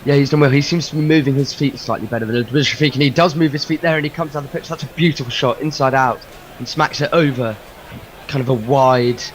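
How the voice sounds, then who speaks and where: A man from England giving chatty, lively ball-by-ball cricket commentary. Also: medium pitch, quick pace, slight background noise. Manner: chatty and lively, calling play.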